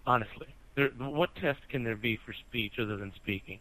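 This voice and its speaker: A man's voice: medium pitch, normal speed, sharp tone, rough recording. A man in casual chat with friends, a college student with an easygoing, teasing manner.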